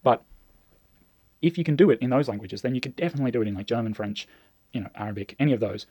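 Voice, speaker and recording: A man giving casual language-learning advice, animated, laughing often and acting out little dialogues. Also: mid-range voice, quick pace, slightly rough, no echo. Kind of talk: casual advice talk to camera.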